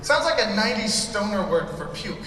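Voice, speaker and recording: A man's voice: high voice, sing-song, a little fast. A man doing a crude, ranting stand-up set in a mock-pompous manner, on stage in a large convention hall. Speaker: stand-up comedian. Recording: echoey hall recorded from far off, crowd noise. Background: audience laughing and cheering.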